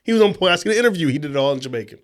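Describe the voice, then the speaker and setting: A man co-hosting a casual podcast, animated and slangy, swearing freely. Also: fairly high pitch, very fast. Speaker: podcast co-host. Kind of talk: casual drinking chat.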